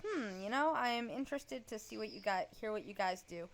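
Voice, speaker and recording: A woman hosting a casual podcast chat, blunt, sarcastic and quick to swear. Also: medium pitch, animated. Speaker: podcast host.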